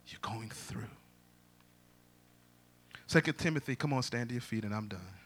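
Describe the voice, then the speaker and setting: A man who is a pastor, preaching a sermon and breaking into loud song. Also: medium pitch, lively intonation, moderate pace. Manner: preaching with bursts of loud singing.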